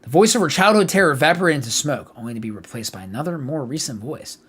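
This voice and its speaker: A man streaming a live game playthrough, reading the text aloud with animated asides. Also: a little high, fast, a little hiss or hum.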